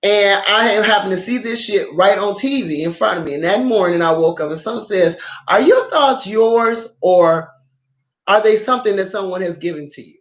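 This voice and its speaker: Woman vlogger cussing and cracking up over dramas, mid-pitch voice, kinda echoey. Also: moderate pace. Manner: profane, excitable, laughs often. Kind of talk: casual unscripted chat to viewers. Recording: roomy echo.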